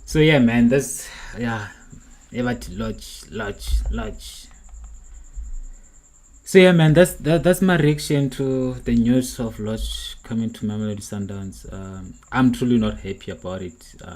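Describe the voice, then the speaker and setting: A man's voice: medium pitch, measured pace, darkish tone, poor audio. A young man hosting a football reaction stream, earnest and frustrated, repeating his points. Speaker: livestream host.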